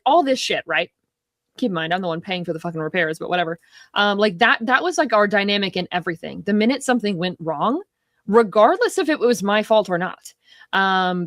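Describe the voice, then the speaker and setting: A woman's voice: mid-range voice, fairly bright tone, no echo, studio quality. A woman co-hosting a film talk show, venting in a rambling, heated way with lots of swearing. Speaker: podcast co-host. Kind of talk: casual film discussion.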